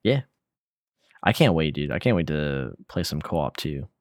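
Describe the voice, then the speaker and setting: Young male podcast co-host, very low voice, relaxed rambling delivery, dry room. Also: measured pace, no room sound. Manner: relaxed, rambling, lots of fillers and slang. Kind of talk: casual gaming podcast chat.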